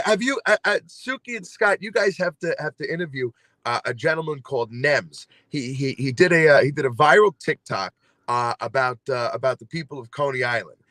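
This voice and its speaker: A man's voice: mid-range voice, brisk, bright, forceful tone, no room sound. A man from New York with a New York accent, chatting as a singer guest and telling stories with many fillers and restarts. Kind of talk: casual chat.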